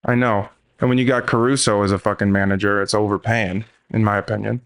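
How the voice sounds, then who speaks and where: A man's voice: fairly low pitch, level tone, fast, a bit bright, clear, resonant tone. A man hosting a podcast in casual chat, joking and swearing freely as he rants. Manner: profane, joking, ranting. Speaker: podcast host.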